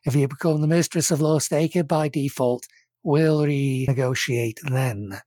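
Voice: mid-range voice, mellow, no echo, close to an everyday voice. A game master playing a genteel, shrewd crime boss. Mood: businesslike. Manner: measured, formal, courteous menace.

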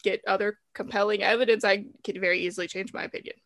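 Young southern woman chatting on a podcast, bright voice, dry close mic, jokey and quick. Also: medium pitch, steady tone, no echo. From American South. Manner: chatty, laughing, self-deprecating. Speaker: podcast co-host. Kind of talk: casual chat.

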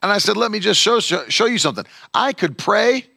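A man preaching a sermon as a pastor, animated, acting out the voices of the people he quotes. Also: high voice, brisk, creaky, slightly rough, no room sound, clean studio sound.

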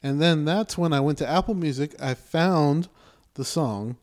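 A man's voice: on the high side, a little slow. A man co-hosting a podcast in casual chat, swearing freely and acting out what people said in his stories. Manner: profane, animated when quoting people. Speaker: podcast co-host.

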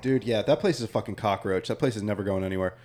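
A man's voice: lowish voice, very fast, darkish tone. A young man, a comedian co-hosting a podcast, telling a story in a rambling, casual way and swearing a lot.

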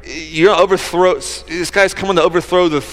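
A preacher playing wary townsfolk, lowering their voices in nervous, hushed warning. The sound hangs in a big room with long reverb. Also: male voice, steady tone, brisk, lightly acted. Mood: hushed worry. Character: cautious, worried townsfolk hushing someone.

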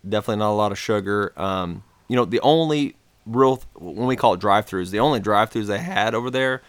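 A man from the United States talks on a podcast in a low voice, loose and rambling, with plenty of fillers and restarts. The sound is close and dry, with no room around it. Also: quick pace, clean tone, no echo. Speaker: podcast co-host telling a travel story. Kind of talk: casual conversational storytelling.

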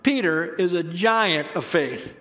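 A middle-aged man preaching a sermon, conversational and humorous, with sudden swings between loud emphasis and quiet asides. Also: on the high side, lively intonation, slow. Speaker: pastor.

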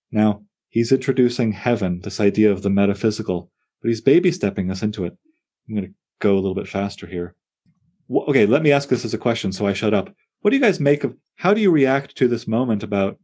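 Low-voiced man leading a poetry class. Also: a little fast, breathy edge. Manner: animated, digressive, self-interrupting. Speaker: poetry teacher. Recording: on air class broadcast.

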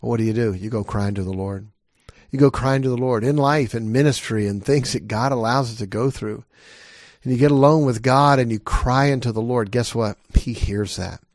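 A man's voice: mid-range voice, moderate pace, dry recording, clean studio sound. A middle-aged man preaching a sermon as a pastor, earnest and emphatic, pressing his listeners with repeated questions.

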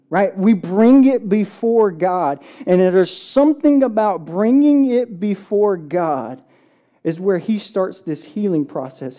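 A pastor preaching a church sermon in a casual, conversational way, often checking in with the congregation and reading scripture slowly. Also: medium pitch, mellow. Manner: reads scripture slowly and deliberately.

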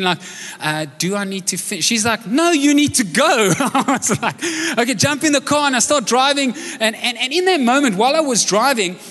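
A man's voice: high-pitched, fairly bright tone. A man from South Africa preaching a sermon live, telling personal stories in a conversational, joking way and asking his audience questions. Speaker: pastor. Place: church auditorium, live service. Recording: long hall reverb from a live service.

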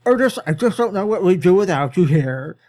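A man's voice: fairly high pitch, animated, a little fast, darkish tone, natural voice. A man voicing a scheming, bossy, balding store owner while reading a story aloud. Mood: sly. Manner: sly, bossy.

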